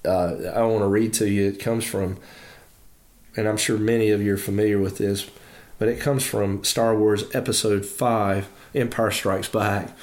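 A man's voice: on the low side, fairly even intonation, moderate pace, darkish tone, reverberant. A man preaching a devotional sermon in an earnest, encouraging way.

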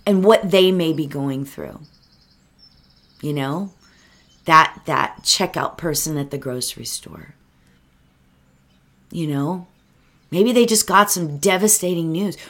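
Earnest woman, lively rambling voice. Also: mid-range voice. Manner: earnest, rambling, talks to the listener directly. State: emotional, near tears. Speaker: meditation teacher. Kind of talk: reflective solo talk.

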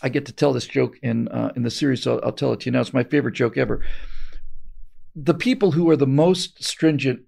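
A man's voice: mid-range voice, brisk, gravelly, a little mellow. A man hosting a show, giving emphatic political commentary and often repeating words as he restarts. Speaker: show host.

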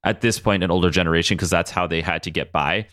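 A man's voice: low voice, fairly even intonation, fast, fairly bright tone, no echo, clean studio sound. A young man co-hosting a podcast, recapping a cartoon episode in loose, chatty talk that is full of asides. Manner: chatty, full of likes and restarts, acting out scenes. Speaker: podcast co-host. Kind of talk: casual cartoon recap chat.

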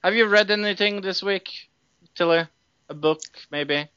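A man's voice: high voice, measured pace, bright, forceful tone, clear, resonant tone, no room sound, muffled recording. A man hosting a casual podcast, stammering and repeating words as he talks. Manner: stammering, laughs often. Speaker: podcast host. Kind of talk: casual chat.

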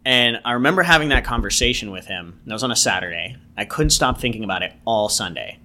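A man's voice: mid-range voice, animated, fast, pushed and bright. A man guest casually telling a personal story, rambling with lots of "like" and "you know". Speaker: podcast guest.

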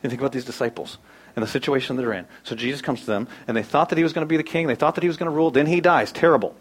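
A man in his thirties preaching a sermon, animated, swinging from loud bursts to hushed asides. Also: fairly high pitch, racing, rough recording. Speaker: pastor.

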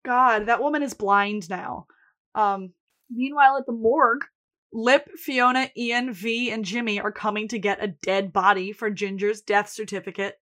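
A woman co-hosting a podcast, recapping a TV episode in casual chat and telling the plot briskly. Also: medium pitch, fairly even intonation, a bit bright. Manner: brisk storytelling, quotes characters in put-on voices. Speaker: podcast co-host.

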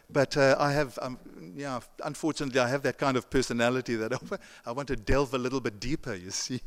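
Chatty preacher in a reverberant church. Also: male voice, medium pitch, fairly even intonation, a little fast. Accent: non-American English. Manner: conversational, chuckling asides, frequent restarts. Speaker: pastor. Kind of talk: sermon. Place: church sanctuary.

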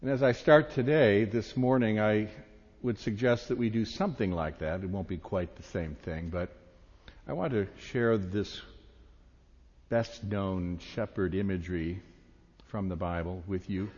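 A man delivering a sermon as a pastor, reading slowly and meditatively. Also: lowish voice, darkish tone. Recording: echoey hall, dull sound.

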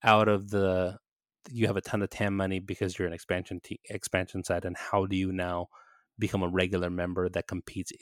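A man co-hosting a casual podcast, making measured points and often checking in with "right?". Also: low voice, flat delivery, dry recording, clean studio sound. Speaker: podcast co-host. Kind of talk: casual chat about soccer.

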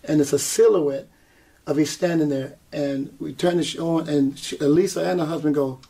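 A man's voice: on the high side, moderate pace, vocal fry. A man, a singer, telling his story in an interview, acting out what people said to him and laughing often. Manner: animated storyteller, acts out quotes, laughs often. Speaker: guest singer and performer.

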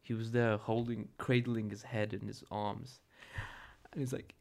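A man's voice: lowish voice, little pitch movement, a little slow, vocal fry, a little mellow. A young man hosting a podcast, telling a story in a rambling, profane, self-correcting way. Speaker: podcast host. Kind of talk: casual solo podcast storytelling.

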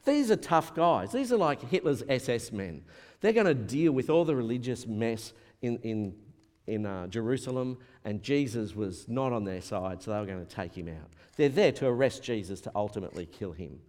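A man preaching a sermon as a pastor, animated and acting out the voices he quotes. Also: medium pitch, moderate pace. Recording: long hall reverb.

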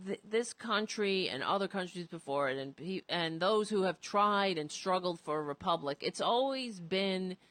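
A woman's voice: on the low side, animated, moderate pace, few pauses, fairly bright tone, no room sound. Rambling, profane talk show host woman. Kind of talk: casual political talk show.

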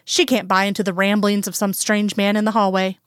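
A woman reads a fanfiction story aloud in an even, unhurried storytelling voice. Her tone is smooth and resonant, recorded dry and close with no room around it. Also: mid-range voice, dry recording. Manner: calm storytelling, plain voices for quoted characters. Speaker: fanfiction reader. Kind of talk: scripted narration.

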